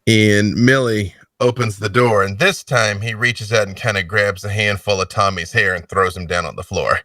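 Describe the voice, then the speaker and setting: A man's voice: lowish voice, fairly even intonation, normal speed, bright, forceful tone, no echo, recorded from a distance. A man narrating a tabletop role-playing game as game master, slipping into menacing villain voices.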